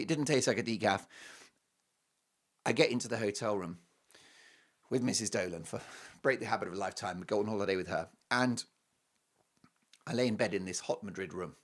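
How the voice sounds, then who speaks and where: A middle-aged man hosting a talk show, joking through an animated, self-mocking monologue that swings between loud bursts and hushed asides. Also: medium pitch, fairly quick, pauses often. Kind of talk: comic monologue.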